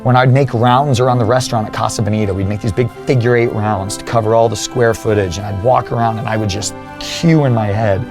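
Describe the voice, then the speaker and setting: Earnest low-voiced man telling his story. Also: fairly even intonation, fast talker, few pauses, music in the background. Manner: earnest, acts out remembered dialogue. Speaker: podcast guest, fitness coach. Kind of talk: personal storytelling in an interview.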